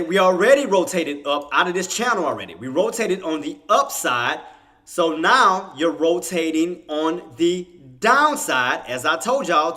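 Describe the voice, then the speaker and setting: A man hosting a live trading stream, chatting casually with viewers and bragging that his market call came true. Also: on the high side. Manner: animated, bragging, laughs often, talks to chat. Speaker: trading livestream host.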